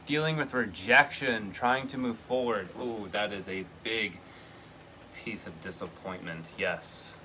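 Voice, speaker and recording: A man giving a live tarot reading, chatty and earnest, with sudden excited bursts. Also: fairly low pitch, unhurried, a little hiss or hum, poor audio. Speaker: tarot reader.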